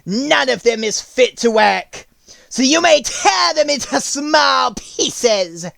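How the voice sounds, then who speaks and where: A man voicing a cruel, commanding wicked witch in an audiobook, drawing out slow strained orders. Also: extremely high pitch, expressive, vocal fry, a bit bright, no echo, voice pushed up, exaggerated voice. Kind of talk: audiobook character voice.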